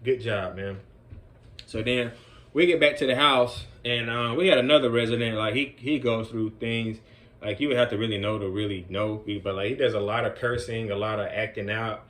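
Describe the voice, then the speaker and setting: Group home counselor, male, middle pitch, casual vlog storytelling with plenty of fillers. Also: steady tone, brisk, a bit bright. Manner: loose and conversational, with many fillers like "man" and "you know".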